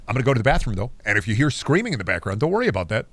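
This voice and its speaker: A married man streaming a video game, rambling sarcastically and insisting in mock calm that he is not mad. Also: medium pitch, very fast, slight background noise. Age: adult, married. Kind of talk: casual gameplay chat.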